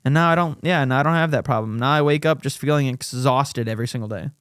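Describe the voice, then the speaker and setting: A man co-hosting a podcast in casual chat, animated and swearing, acting out what people said. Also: medium pitch, fast, smooth, no room sound, studio quality. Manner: animated, swearing, acts out quotes. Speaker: podcast co-host.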